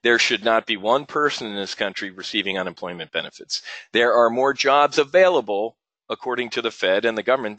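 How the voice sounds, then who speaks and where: A man hosting an options trading webinar, giving an animated, slangy market rant full of rhetorical questions, recorded on a close mic. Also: medium pitch, no room sound. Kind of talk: opinionated market commentary.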